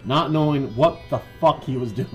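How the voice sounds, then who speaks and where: A man co-hosting a casual podcast, reading pirate history out loud and breaking into jokes, laughter and swearing. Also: mid-range voice, normal speed, faint music behind, rough recording. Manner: joking, swears a lot, laughs often. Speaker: podcast co-host.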